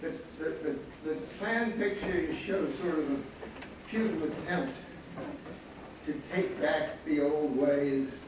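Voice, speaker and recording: A man's voice: on the high side, slow pace. A man in his seventies, a panelist and former student photographer, telling anecdotes wryly with frequent chuckles. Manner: wry, anecdotal, chuckling often. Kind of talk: storytelling at a panel talk. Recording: echoey hall, distant mic, audible noise.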